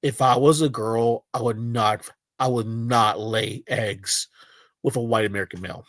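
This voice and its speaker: A man's voice: medium pitch, fairly even intonation, unhurried, fairly bright tone, dry recording. A man streaming live, reacting to a video with crude, rambling commentary full of fillers. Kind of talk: casual livestream commentary.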